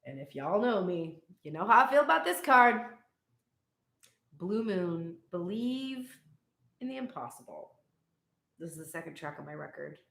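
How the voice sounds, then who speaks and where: A woman's voice: on the low side, very animated, normal speed, gravelly, pauses often, fairly bright tone. A young woman reading tarot in a casual, irreverent and profane way, laughing as she tells stories. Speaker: tarot reader. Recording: echoey room.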